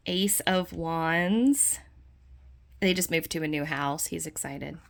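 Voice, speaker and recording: A woman's voice: low-pitched, takes it slowly, gravelly. A woman chatting her way through a tarot deck, enthusiastic and full of fillers. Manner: puts on playful dog voices in quotes. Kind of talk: casual deck flip-through.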